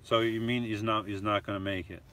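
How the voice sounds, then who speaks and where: A man's voice: on the low side, steady tone, brisk, a bit bright. A man hosting a live stream from a camper van, reading viewer comments aloud and chatting about them in a loose, rambling way.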